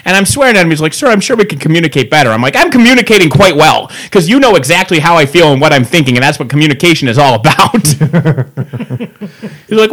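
A man's voice: high voice, a little fast. A man telling a long angry story in casual chat, ranting and swearing freely. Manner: ranting, profane, animated. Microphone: pop filter.

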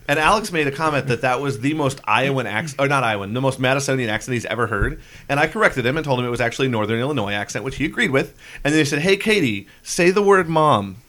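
A man's voice: mid-range voice, lively intonation, pushed and bright. A man from California hosting a podcast, chatting casually and joking with friends. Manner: joking, quick banter. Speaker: podcast host. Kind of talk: casual group chat.

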